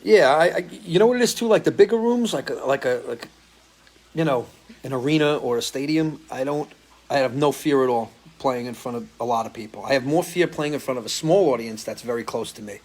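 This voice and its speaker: A man's voice: medium pitch, brisk, a little mellow. A man hosting a live stream as a musician, chatting casually and answering viewer comments, loose and swearing freely. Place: home, living in Florida.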